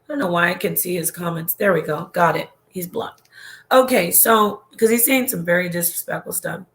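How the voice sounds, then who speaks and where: A woman's voice: lowish voice, normal speed, a bit bright. A woman hosting a casual livestream and reading viewer comments, talking in a rambling, emotional way with laughs and restarts.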